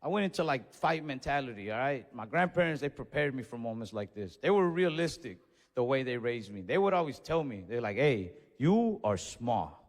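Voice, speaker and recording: A man doing stand-up storytelling on a comedy club stage, animated, acting out voices and yells. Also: medium pitch, brisk. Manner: animated, acts out voices and yells in his stories. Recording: stage mic in a reverberant venue.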